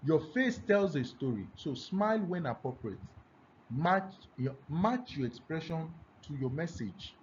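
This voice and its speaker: A man teaching a lesson on speaking skills, deliberately swinging between loud and soft for emphasis. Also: animated. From Nigeria. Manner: deliberately varies pitch and loudness, emphatic. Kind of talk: classroom lesson on public speaking. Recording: dull lo-fi recording with faint noise.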